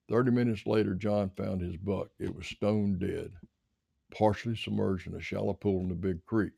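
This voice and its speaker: A man reading a story aloud in steady storytelling narration. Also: sits low, normal speed, gravelly, no room sound, clean studio sound.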